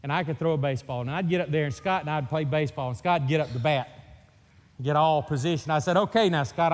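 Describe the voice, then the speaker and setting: Mississippi preacher in a reverberant hall. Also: male voice, fairly high pitch, quick pace. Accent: Mississippi Southern. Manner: folksy, joking storyteller. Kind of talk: sermon. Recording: long reverb of a church hall.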